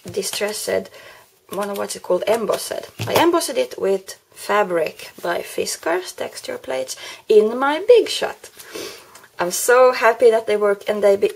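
Slow, gravelly-voiced woman crafter. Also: medium pitch. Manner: unhurried, pauses to search for words. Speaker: craft vlogger. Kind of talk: card-making tutorial vlog.

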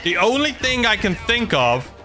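A man's voice: high-pitched, sing-song, normal speed, music in the background. A young man commenting on his own gameplay, talking to himself anxiously and exclaiming often. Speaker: gaming YouTuber.

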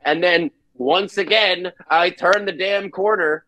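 A man's voice: high voice, slow pace, slight background noise, rough recording. A man from New Jersey, a guest musician in casual chat, telling stories and acting out the dialogue. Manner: animated storyteller acting out quoted dialogue.

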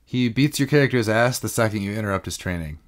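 A man's voice: lowish voice, expressive, quick pace. A man co-hosting a podcast, chatting casually about fighting games with frequent laughs and loose filler words. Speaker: podcast co-host.

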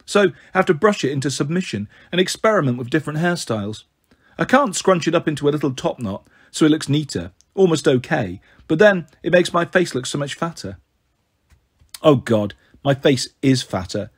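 A man's voice: a little high, sing-song, moderate pace, slightly rough. A man reading a first-person novel aloud in a wry, sulky narrating manner. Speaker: audiobook reader.

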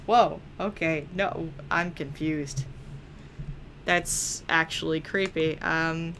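Bright-voiced young woman teasing her game. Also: low-pitched, takes it slowly, slight background noise. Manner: playful, teasing, chatty, laughs often. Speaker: gaming video creator. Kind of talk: let's play commentary.

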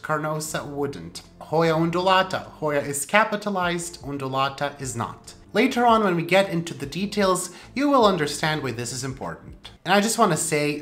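A woman hosting a plant channel, explaining rules in a casual, playful way with sharp jumps for emphasis. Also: sits low. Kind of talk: casual instructional talk.

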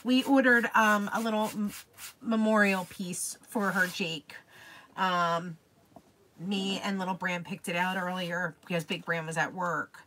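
Bright-voiced young woman, casual craft-stream host, effusive and chatty with viewers. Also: lowish voice, fairly even intonation, unhurried, slight background noise. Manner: gushing, talks to viewers by name.

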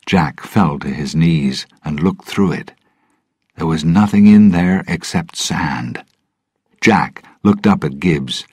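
Deep, slow husky male narrator. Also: animated, darkish tone, dry recording, studio quality. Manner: clear, deliberate. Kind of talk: slow scripted story reading for English learners.

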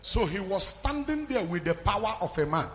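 A man with a Nigerian accent preaching a fiery sermon as pastor, swinging from hushed to shouting. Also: sits high, sing-song, normal speed. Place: large church hall. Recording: live hall with music behind.

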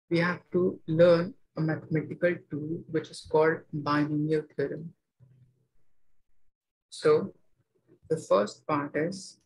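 Slow-talking male maths teacher. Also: a little high, low-quality recording. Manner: slow, step-by-step explaining with frequent checks. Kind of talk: online maths lecture.

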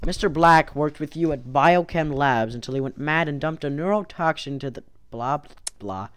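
A woman narrating her own gameplay in a let's play, excitable, with yelps and whoops, and losing her voice. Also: low-pitched, moderate pace, clean tone, dry recording. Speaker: gaming YouTuber.

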